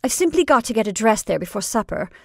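A woman voicing a mocking young society girl who talks brightly and insincerely. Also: a little high, big pitch swings, fast talker, gravelly, no room sound, clean studio sound, exaggerated voice. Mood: falsely sweet. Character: sly, mocking society girl, falsely sweet.

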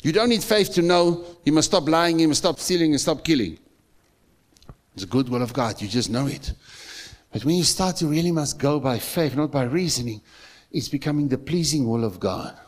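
This pastor speaks with a fairly high, expressive voice at normal speed and a South African accent. Preaching in church, he's emphatic, leans on repeated phrases, and questions the congregation directly.

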